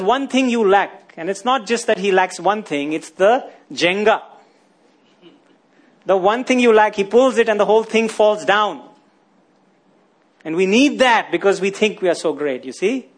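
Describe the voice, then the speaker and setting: A man's voice: high voice, breathy edge. A man preaching a sermon, often asking his listeners rhetorical questions and tagging lines with "isn't it?".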